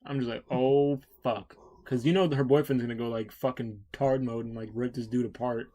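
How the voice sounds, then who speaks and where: A man's voice: mid-range voice, fairly even intonation, moderate pace, mellow. A young man, co-hosting a podcast in blunt, profane casual chat. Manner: blunt, profane, laughs often. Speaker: podcast co-host.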